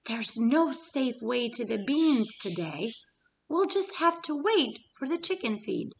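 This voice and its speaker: A woman voicing a fretful, protective mother hen in a read-aloud storybook, worried and gentle. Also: on the high side, big pitch swings, measured pace, vocal fry, a little hiss or hum, heavily acted.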